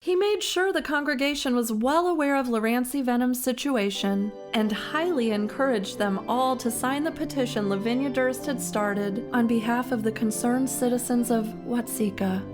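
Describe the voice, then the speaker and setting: A woman narrating a historical story in a slow, measured, dramatic way. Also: a little high, music in the background.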